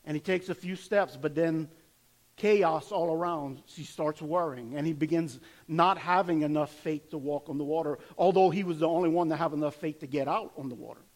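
Male pastor, high voice, dramatic preaching that swings from loud to hushed. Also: moderate pace. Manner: dramatic retelling with rising and falling intensity. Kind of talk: sermon.

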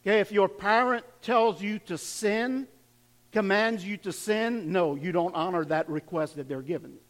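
A man's voice: high-pitched, normal speed. A man preaching a sermon in a conversational way, asking his congregation questions and often repeating words as he goes. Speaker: pastor.

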